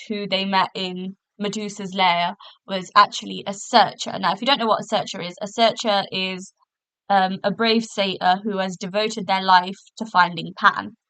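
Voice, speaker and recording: Chatty woman podcasting from a hotel room, bright voice, dry sound. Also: medium pitch, steady tone, moderate pace, smooth, dry recording, rough recording. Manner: chatty, many fillers and restarts. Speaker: podcast host. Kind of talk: casual solo review.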